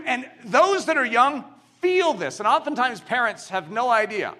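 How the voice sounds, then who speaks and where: A man preaching a sermon, telling stories with animation and building to emphatic shouts. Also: very high-pitched, sing-song, normal speed, few pauses. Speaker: pastor.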